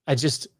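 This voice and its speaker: A man co-hosting a podcast, venting his frustration in an emphatic, exasperated way, with sighs and repeated words. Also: sharp tone. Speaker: podcast co-host. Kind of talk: heated casual discussion.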